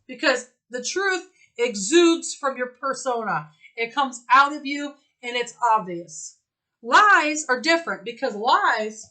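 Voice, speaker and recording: Bright high-voiced woman telling a story. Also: rough recording. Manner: animated, acts out both sides of a story, swears freely. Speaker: co-host. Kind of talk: casual storytelling chat.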